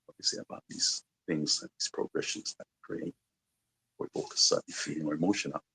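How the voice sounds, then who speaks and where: A man's voice: extremely low pitch, fairly even intonation, fairly quick, vocal fry, bright, forceful tone, a little hiss or hum, poor audio. A man from London with a slight American twang in his accent, a musician guest chatting reflectively in a radio interview, rambling with lots of "you know" and "like". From London, England. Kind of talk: casual radio interview chat.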